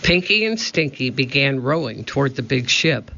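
A man narrating a children's storybook with slow, measured reading. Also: medium pitch, very animated, creaky, pushed and bright, a little hiss or hum. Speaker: audiobook narrator. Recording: dull lo-fi recording.

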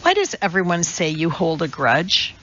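A woman voicing a sharp young woman who speaks bluntly and asks pointed questions. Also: on the low side, sing-song, normal speed, highs cut off, a little hiss or hum. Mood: curious.

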